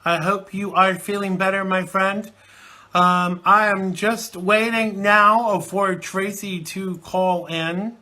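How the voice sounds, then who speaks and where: A man's voice: high-pitched, level tone, takes it slowly, sharp tone. A man hosting a live internet talk show from the UK, chatting and rambling with many fillers, recovering from a chesty cold. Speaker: host.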